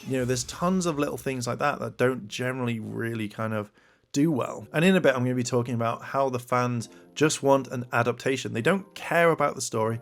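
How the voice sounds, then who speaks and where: A man hosting an opinion commentary, talking in a rambling, casual way full of fillers, his pitch climbing when he gets exasperated. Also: brisk, vocal fry. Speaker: commentary channel host.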